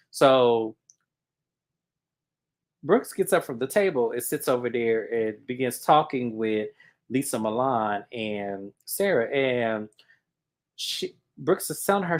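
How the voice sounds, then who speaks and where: A woman hosting a casual reality TV recap, acting out what people said with big jumps in her voice. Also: normal speed. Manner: animated, acts out quotes with big pitch jumps.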